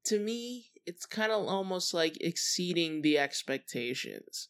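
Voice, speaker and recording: Relaxed young podcast host, chatty. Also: medium pitch, measured pace, hardly any pauses, clear, resonant tone. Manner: relaxed, chatty, with many fillers and trailing thoughts. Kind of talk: casual solo podcast talk.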